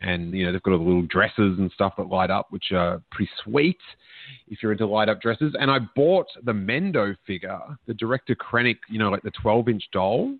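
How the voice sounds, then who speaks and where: A man's voice: lowish voice, fairly quick, no room sound. A man in the host's seat, chatting casually and spinning rambling, joking stories. His voice is dry and close, with a narrow, phone-like band. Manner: chatty, jokey storytelling. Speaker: podcast host. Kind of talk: casual chat.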